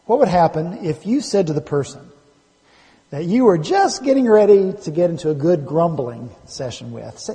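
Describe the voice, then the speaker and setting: Man, pastor, sermon, high voice, long hall reverb. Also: big pitch swings, a little fast. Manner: preaching with emphatic rises and quiet drops. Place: church sanctuary.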